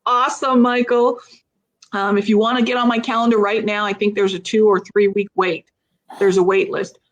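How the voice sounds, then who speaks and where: A woman's voice: mid-range voice, little pitch movement, normal speed, muffled recording. Woman livestream host, upbeat, laughs easily, talks in rhetorical questions. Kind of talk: livestream coaching interview.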